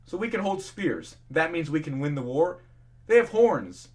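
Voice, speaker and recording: A man's voice: a little high, big pitch swings, normal speed. A young man casually reading fan fiction aloud, swearing freely and ranting in between. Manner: profane ranting, laughs at the text.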